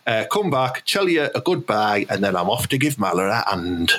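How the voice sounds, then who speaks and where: A man's voice: on the low side, very animated, moderate pace, fairly bright tone. A man hosting a comedy show, chatty and full of fillers. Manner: chatty, sweary, filler-heavy. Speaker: host. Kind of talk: casual show sign-off.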